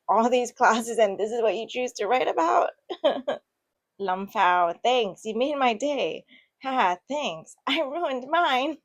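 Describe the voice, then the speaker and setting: A woman casually reading online posts aloud and reacting to them with chatty, giggly asides. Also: medium pitch. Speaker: online story reader and commentator.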